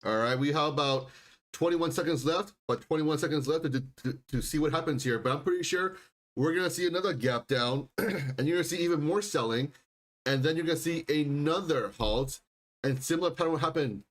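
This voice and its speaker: A man hosting a live stock and crypto stream, talking insistently and repeating himself, often clearing his throat. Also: a little high, fairly quick. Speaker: livestream stock and crypto host. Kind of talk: live market commentary.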